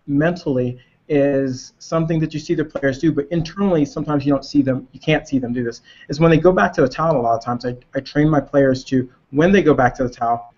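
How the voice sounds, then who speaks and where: A man who coaches tennis, explaining drills in a casual webinar discussion and pausing to find his words. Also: mid-range voice, a little mellow. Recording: muffled lo-fi webinar audio.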